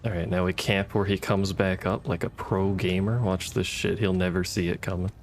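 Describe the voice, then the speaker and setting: A man mutters his way through a game, dry and wry, cursing at whatever attacks him. His voice sits low with a gravelly, creaky edge, and a faint hiss runs under the recording. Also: steady tone, normal speed. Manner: muttering, wry, swears at enemies. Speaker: gaming streamer. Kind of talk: casual gameplay commentary.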